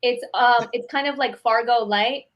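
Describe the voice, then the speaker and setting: A woman comedian from Chicago with a noticeably high voice. She chats casually and teases her host, slipping in dry, deadpan jabs between laughs. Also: dull audio. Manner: teasing, quick-witted, deadpan jabs. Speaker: comedian guest. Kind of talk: casual video-call chat.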